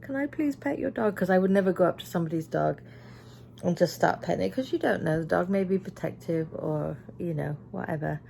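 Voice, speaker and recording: A woman's voice: fairly low pitch, a little fast, vocal fry, dark tone, slight background noise. A tired middle-aged woman from Britain, chatting through her day in a casual vlog and acting out what people said. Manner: chatty storyteller, acts out quoted voices. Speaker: vlogger.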